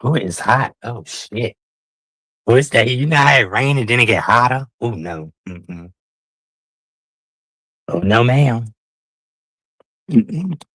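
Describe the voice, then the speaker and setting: Brief: sassy male streamer, slow drawl, dry close sound, casual banter. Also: mid-range voice, lively intonation, fairly bright tone, no echo. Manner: sassy, drawling, calls listeners honey and child. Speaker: livestream host. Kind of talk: casual livestream chat.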